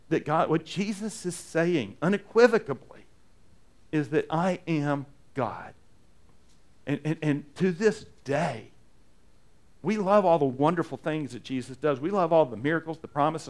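A man preaching a sermon in a conversational style, repeating phrases and acting out the people he quotes. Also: on the high side. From United States. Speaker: pastor.

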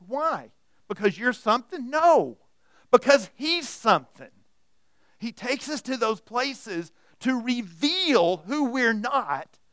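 A man preaching a sermon, animated and repetitive, acting out the voices he quotes. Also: high voice, no room sound, studio quality. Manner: animated, repeats words, acts out quoted voices. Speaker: pastor.

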